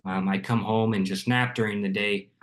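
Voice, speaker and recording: Young man, low voice, from arizona, measured explanations, casual interview guest. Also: steady tone. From Arizona, USA. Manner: measured, explanatory, with frequent ums. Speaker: podcast guest, music producer.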